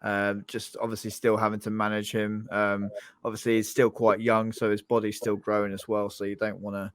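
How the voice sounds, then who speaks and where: Low, flat male co-host, dry close mic, blunt and halting. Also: no room sound. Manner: blunt, hesitant with many ums. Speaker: podcast co-host. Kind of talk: casual fan podcast chat.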